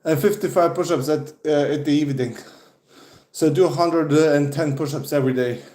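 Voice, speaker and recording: A man's voice: on the high side, a little fast, mellow, reverberant. A young man from Serbia chatting casually on a livestream, out of breath after push-ups and swearing often. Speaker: streamer.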